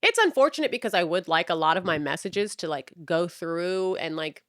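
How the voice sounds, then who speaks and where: A woman's voice: lowish voice, expressive, moderate pace, fairly bright tone, no echo. Woman in her 30s going off, lots of swearing, mocking, dry close mic. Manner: profane, blunt, heated, mocking. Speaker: podcast host. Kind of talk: ranting monologue.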